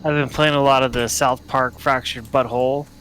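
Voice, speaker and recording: A man's voice: medium pitch, flat delivery, moderate pace, a bit bright. A man hosting a casual gaming stream, talking in a laid-back way, swearing freely and laughing as he tells stories. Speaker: gaming channel host. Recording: faint game music behind.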